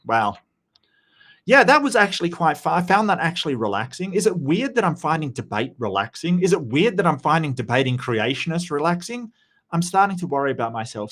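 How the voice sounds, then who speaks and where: A man's voice: mid-range voice, sing-song, fairly quick, a bit bright. Guy hosting a debate stream, chatty and blunt, cracks jokes, swears a bit, reads out chat. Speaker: livestream debate host. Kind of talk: casual live-stream chat.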